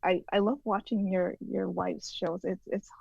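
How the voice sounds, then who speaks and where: A woman's voice: medium pitch, steady tone, measured pace, creaky, slightly rough, dry recording. A woman from Arizona, a guest actress, chatting casually, giggly and hesitant, often stammering. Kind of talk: casual interview chat. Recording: muffled phone line.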